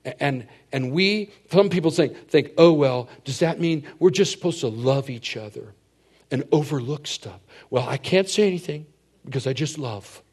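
A middle-aged man preaching a sermon as a pastor, telling stories and swinging from hushed asides to loud, emphatic points. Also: on the high side, animated, moderate pace, slightly rough.

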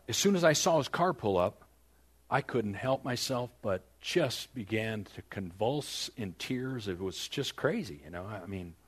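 An older man, a pastor, telling a personal story in a sermon, with self-deprecating humor, his voice rising and then dropping to a near whisper. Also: fairly low pitch.

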